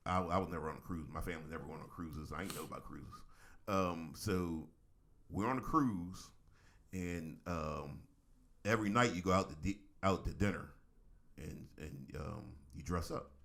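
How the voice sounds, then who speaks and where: A middle-aged man, a reverend co-hosting a talk show, telling stories in a casual, animated way with frequent laughs. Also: sits low, normal speed, creaky. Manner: animated storyteller, laughs often, acts out voices. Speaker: co-host, reverend. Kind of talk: casual chat.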